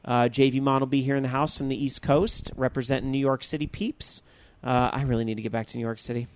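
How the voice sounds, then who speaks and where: A man's voice: mid-range voice, level tone, fast, dry recording. A man hosts a podcast and signs off casually, rambling with plenty of fillers. His voice sits in the middle range. The sound is dry and close. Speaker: podcast host.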